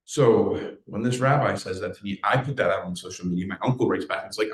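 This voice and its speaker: His voice sits low as this South Philly man, a guest speaker, shares his story emotionally before a live audience in an event hall. The testimony comes in a storytelling flow with quick restarts and fillers, recorded with hall echo.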